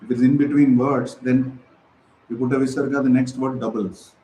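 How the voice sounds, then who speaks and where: A man leading a scripture class, reciting each word slowly for the congregation to repeat. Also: mid-range voice, fairly even intonation, mellow. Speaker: class speaker. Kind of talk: scripture class with call-and-response. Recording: echoey hall, faint hiss.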